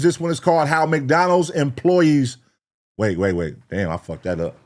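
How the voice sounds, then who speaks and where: A man's voice: fairly high pitch, lively intonation, moderate pace. Male reaction streamer, casual and profane, chatty with the audience. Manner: profane, rambling, talks to chat. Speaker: reaction show host.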